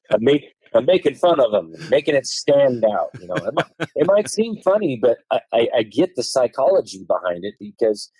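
A man explaining law on a podcast, reading passages aloud and hammering key words with swooping, lively pitch. His voice is dark and slightly husky, recorded dry and close. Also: normal speed, no echo, low-quality recording. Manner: emphatic, stresses key words with tone changes; reads legal texts aloud in a lecturing way. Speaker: podcast guest.

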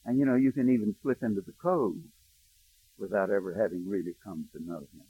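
A male pastor preaching a sermon, telling a personal story, hushed in tender moments and rising to emphatic preaching. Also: on the low side, brisk, breathy edge. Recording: dry, thin phone-like sound.

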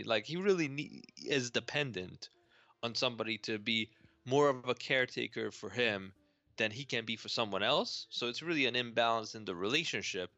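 A man's voice: medium pitch, animated, moderate pace, pushed and bright, no echo, lo-fi sound. A man co-hosting a film podcast, critiquing a movie in casual talk and acting out characters' lines. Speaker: podcast co-host.

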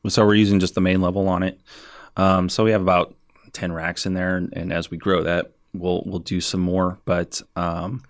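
A man being interviewed as a farmer, speaking in a relaxed, hesitant way with lots of ums. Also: deep voice, normal speed, dry recording, studio quality. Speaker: farmer and guest. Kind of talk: casual interview.

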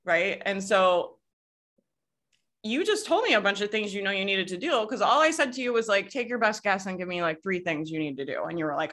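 Bright-voiced Southern woman coaching on a call. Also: mid-range voice, big pitch swings, a little fast. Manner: casual, laughs often, swears, quotes people in put-on voices. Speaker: business coach. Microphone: video call.

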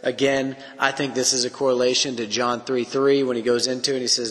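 A man's voice: medium pitch, little pitch movement, fairly quick, hardly any pauses. A man teaching on a Bible passage for a podcast, reading scripture aloud and reflecting on it as he goes. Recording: long hall reverb.

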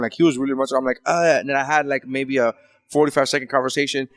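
Male comedian host, rapid casual storyteller, profane, dry close mic. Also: mid-range voice, fairly even intonation, no echo. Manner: profane storytelling with many restarts. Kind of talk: casual podcast chat.

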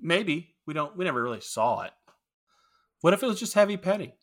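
A man's voice: on the high side, sing-song, brisk. A man co-hosting a podcast in casual film-review chat, rambling, opinionated and profane. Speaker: podcast co-host.

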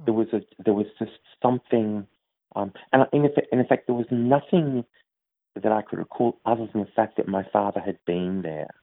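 A man answering interview questions in a thoughtful, hesitant way, with many pauses and fillers. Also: fairly low pitch, no echo. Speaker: grief organization head, interview guest. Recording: tinny phone-like line, dry.

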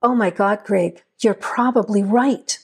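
A woman's voice: medium pitch, measured pace, creaky, breathy edge. A woman voicing a frightened young woman who pleads anxiously with her boyfriend. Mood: worried.

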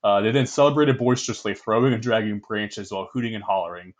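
A man's voice: fairly low pitch, fast. A young man hosting a casual history podcast, rambling with many fillers, laughing often and swearing casually. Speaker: podcast host.

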